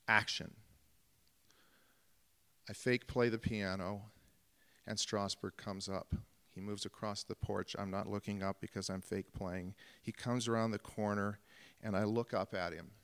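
A man's voice: lowish voice, a bit bright, clean tone, long reverb tail. A man, an actor, telling a story about a film shoot on stage, acting out the scenes vividly. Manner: vivid, acts out scenes and calls. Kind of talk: live storytelling.

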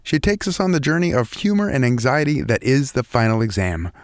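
Calm man hosting a storytelling show. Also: mid-range voice, fairly quick, slight background noise. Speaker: host. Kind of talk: scripted introduction.

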